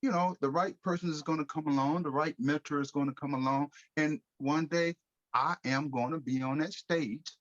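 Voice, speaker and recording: Animated male storyteller, lo-fi. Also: a little high, normal speed, no echo. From United States. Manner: animated storyteller acting out quoted voices, casual slang. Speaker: guest speaker. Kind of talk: storytelling in a podcast interview.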